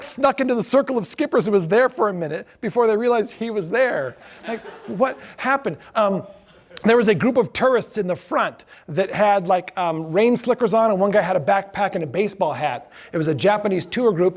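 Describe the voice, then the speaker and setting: High-voiced man telling lively stories. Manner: animated, acts out quoted voices, laughs often. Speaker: lecturer. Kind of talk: storytelling lecture.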